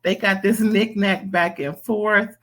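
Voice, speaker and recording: A woman's voice: medium pitch, steady tone, slow, fairly bright tone. A woman from California putting on a Southern accent, giving chatty, sassy reality TV commentary to her viewers. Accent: Southern US, put on. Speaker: reality TV reviewer. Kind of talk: casual commentary vlog.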